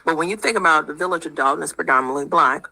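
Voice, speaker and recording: Brief: woman radio interviewer, lower voice with gravelly fry, forceful delivery, rhetorical questions. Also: racing, poor audio.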